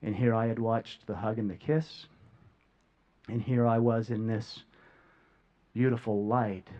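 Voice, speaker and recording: A man giving an emotional talk to a live audience, earnest and heartfelt, often halting with repeated words and long pauses. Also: lowish voice, steady tone, mellow, muffled recording. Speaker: speaker sharing a near-death experience. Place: stage before a live audience.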